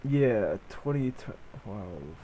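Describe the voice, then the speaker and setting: Young male co-host, lively intonation, quick reactive quips. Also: lowish voice, a little hiss or hum, low-quality recording. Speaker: podcast co-host. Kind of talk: casual chat.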